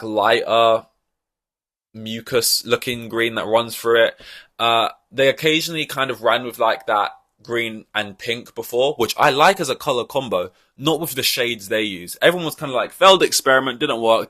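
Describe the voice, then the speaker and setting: A man's voice: mid-range voice, pushed and bright, dry recording, studio quality. A man hosting a podcast, giving blunt, profane opinions in a rambling, casual way. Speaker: podcast host. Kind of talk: casual ranting podcast chat.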